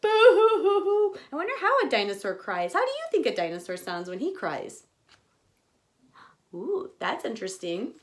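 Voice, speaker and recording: A woman hosting a children's storytime, reading a picture book aloud and talking directly to young kids in an animated, expressive way. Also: mid-range voice, moderate pace.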